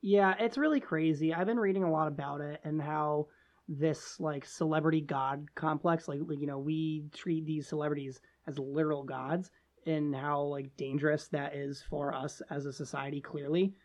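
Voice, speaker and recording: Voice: medium pitch, moderate pace. Podcast co-host, full of "like"s. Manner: animated, heavy use of "like". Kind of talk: casual podcast discussion.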